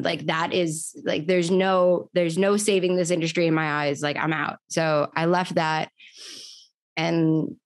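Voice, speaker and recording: Chatty woman, low-voiced, dry close mic. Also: level tone, unhurried, dry recording. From New York. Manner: chatty, frequent "like" fillers. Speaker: podcast host and guest. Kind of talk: casual storytelling interview.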